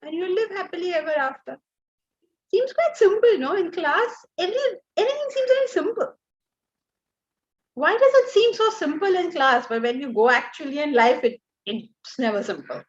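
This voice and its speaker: Lively high-voiced woman teaching. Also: normal speed, lo-fi sound. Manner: lively, asks the class rhetorical questions. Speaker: Vedanta teacher. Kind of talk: class lecture on scripture.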